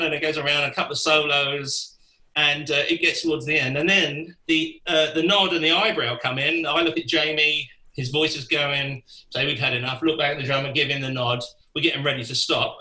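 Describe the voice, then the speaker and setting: Older man, lively anecdote-teller, bright slightly high voice, roomy echo. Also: a little fast. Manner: animated, acts out quoted voices, laughs through the story. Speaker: guest musician. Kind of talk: anecdotal storytelling.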